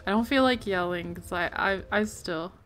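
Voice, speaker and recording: A woman's voice: mid-range voice, normal speed, fairly bright tone. A young woman giving let's play commentary, reading game text aloud and reacting with worried exclamations. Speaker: gaming video host.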